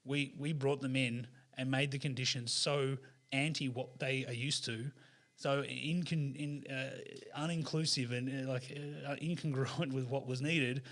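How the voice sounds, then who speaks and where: A man in a relaxed podcast chat, retelling a kids' story with chatty energy. He talks in animated bursts full of fillers and restarts, with a voice of middling pitch. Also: unhurried. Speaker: podcast guest, author. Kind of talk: casual storytelling in conversation.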